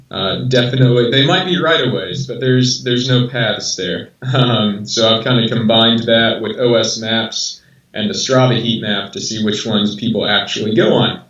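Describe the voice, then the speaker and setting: An American man in his thirties, a guest in a casual interview, talking haltingly with many restarts. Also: lowish voice, fairly bright tone, echoey room, far from the mic, highs cut off. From rural southern United States.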